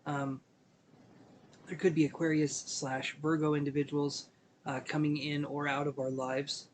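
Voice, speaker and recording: Male tarot streamer, a touch high-pitched, sleepy, gentle, wandering delivery. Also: level tone, measured pace, slight background noise. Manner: gentle, meandering, filler-heavy. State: sleepy, yawning. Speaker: tarot reader. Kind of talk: live-stream tarot reading.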